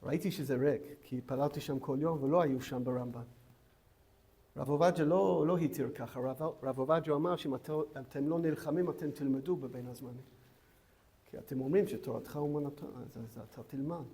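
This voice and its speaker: A middle-aged rabbi gives a lively Torah lecture to a women's seminary class, telling a story and asking rhetorical questions as he grows loud and excited. He switches between Hebrew and English, speaking in a mid-range voice at a racing pace.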